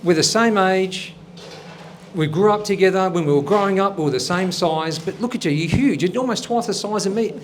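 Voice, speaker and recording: A man hosting a comedy show and telling jokes in an upbeat, lively way. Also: high voice, a little fast, a little hiss or hum. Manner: upbeat, lively joke delivery. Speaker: show host.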